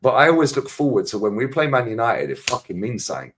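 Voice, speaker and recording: A man's voice: mid-range voice, big pitch swings, fairly bright tone, a little hiss or hum. A man with a London accent ranting about football as a panelist in a casual chat show, talking in long sweary tangents. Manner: ranting, sweary, fast-flowing.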